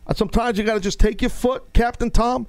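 A man's voice: high voice, fairly even intonation, fast, a little mellow, dry recording. A male radio show host in casual sports talk, rambling and stop-start as he takes calls.

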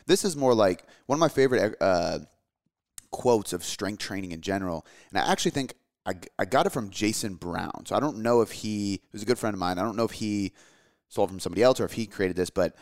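A man's voice: on the low side, animated. A man in his thirties, chatting casually on a podcast and swearing freely. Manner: fast, loose, swears a lot, says dude. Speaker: podcast co-host, father. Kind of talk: casual chat.

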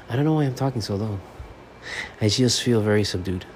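A Miami man talks by himself on his sports podcast, recorded in his apartment with slight background noise. He cusses constantly and speaks fairly fast, flipping between low, subdued mumbling and loud, animated ranting in a casual rant.

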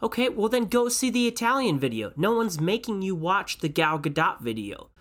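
Animated man ranting casually. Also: high voice, normal speed. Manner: animated, exasperated ranting with frequent restarts. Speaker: podcast co-host. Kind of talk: casual chat.

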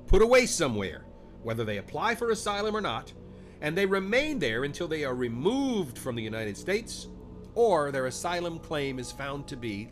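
A hoarse man with a nasal voice delivers political commentary on his podcast, emphatic and indignant. His pitch rises and falls widely as he presses each point. Music plays clearly underneath. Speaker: podcast host. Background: background music.

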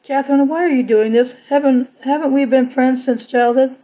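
A frightened young woman locked away who pleads and asks bewildered questions, as a woman reading the story puts her on. Her voice is a touch high. The audio is muffled and lo-fi. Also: fairly even intonation, moderate pace, lightly acted. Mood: pleading. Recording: dull lo-fi recording.

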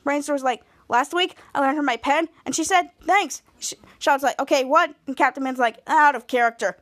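A high-pitched woman hosts a casual podcast, recapping a TV episode and slipping into the characters' lines as she tells it. Her voice is bright and lively, and it sounds close and dry with no room echo. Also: fairly quick. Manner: lively retelling, acting out quoted dialogue. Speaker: podcast host.

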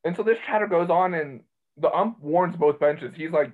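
Rambling, excitable male podcast host, slightly high voice, phone-line quality. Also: normal speed. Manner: rambling, excitable, self-interrupting. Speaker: college baseball podcast host. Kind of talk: casual sports chat. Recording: tinny phone-line sound.

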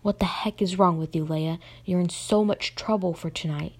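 A woman's voice: lowish voice, fairly even intonation, moderate pace, a little mellow, close to an everyday voice. A young woman voicing an angry, abusive father in her storybook reading, harsh and menacing.

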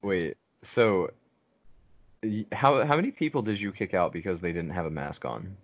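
A man co-hosting a casual podcast, with a somewhat low voice and dry, teasing humor. The sound is close and dry, with dull lo-fi quality. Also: expressive, normal speed, no room sound. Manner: dry, joking. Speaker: podcast co-host.

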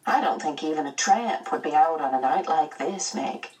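A woman voicing a calm, brisk scientist mother who speaks lightly and reassuringly. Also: low-pitched, distant mic, slight background noise.

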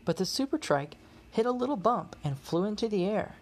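A woman reading a children's storybook aloud, measured and expressive. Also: mid-range voice. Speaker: storybook reader.

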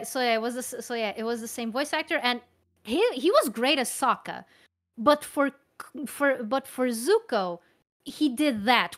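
A woman with a slightly high voice chatting casually about dubbing work. She talks haltingly and often circles back to restart her sentences mid-thought. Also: fairly bright tone. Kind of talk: casual conversation.

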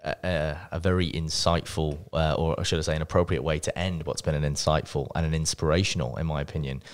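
A man with an extremely deep voice, hosting a podcast. He speaks in a measured, affirming manner as he wraps up the interview. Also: steady tone, smooth. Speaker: podcast host. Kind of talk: interview wrap-up.

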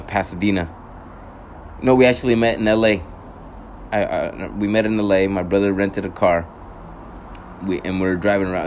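A young man whose voice sits low and darkish rambles through a casual story for his viewers, with slight background noise present. He swears a lot, stops to correct himself and laughs at his own anger.

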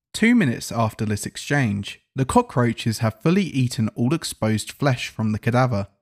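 A man giving scripted horror narration in an even, report-like reading style. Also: medium pitch.

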